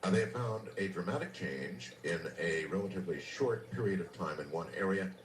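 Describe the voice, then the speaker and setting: A man hosting a late-night radio show, reading news items and a humorous story with dry delivery. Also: a little fast. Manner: dry storytelling with lively pitch swings. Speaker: radio host. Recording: roomy distant radio recording with faint hiss.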